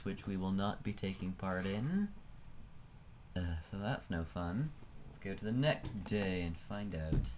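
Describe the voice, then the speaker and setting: A man with a fairly low voice talks casually through a flight-sim game, musing aloud and letting sentences trail off. He sounds like a desk-mic home recording with a faint hum behind him. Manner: chatty, thinking aloud, trailing off. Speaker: let's play host. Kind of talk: casual gameplay commentary.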